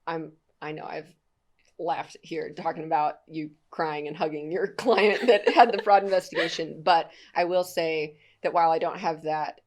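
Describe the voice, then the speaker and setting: A woman's voice: deep voice, fairly even intonation, normal speed, a little mellow. A woman hosting a podcast interview, talking candidly and conversationally, laughing easily. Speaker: podcast host. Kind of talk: casual interview chat.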